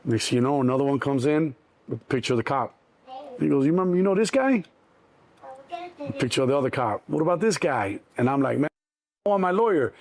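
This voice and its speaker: A middle-aged man from Chicago, a guest in an interview, telling his story in an animated way and acting out the people in it. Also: mid-range voice, fast talker, pauses often. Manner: animated, acts out cops and himself in quotes.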